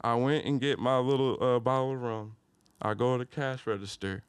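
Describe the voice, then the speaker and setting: A young man from Detroit, a podcast guest telling a story in casual slang and jumping into loud, high-pitched retellings. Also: fairly even intonation, normal speed, smooth, no echo.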